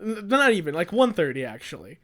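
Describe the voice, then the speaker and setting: A man's voice: high-pitched, big pitch swings, brisk, a bit bright. A young man co-hosting a podcast in casual chat, rambling through stories, laughing often and acting out his friends' lines. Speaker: podcast co-host.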